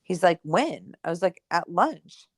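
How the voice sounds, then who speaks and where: A young adult woman co-hosting a podcast, telling a personal story in casual chat, animated and full of "like" and "right?", acting out the dialogue she quotes. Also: on the low side, measured pace, no echo, clean studio sound. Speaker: podcast co-host.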